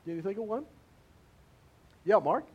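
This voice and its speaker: A man's voice: sits high, lively intonation, unhurried, slightly rough, dull audio. A male pastor giving an interactive sermon, calling on members of the congregation and repeating key words for emphasis.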